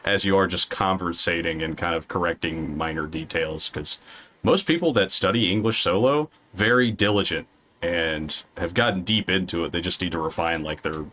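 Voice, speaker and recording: A man's voice: sits low, sharp tone, slight background noise. A man with a Southern US accent hosting a casual chat, rambling and restarting his sentences and chuckling often. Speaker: podcast host.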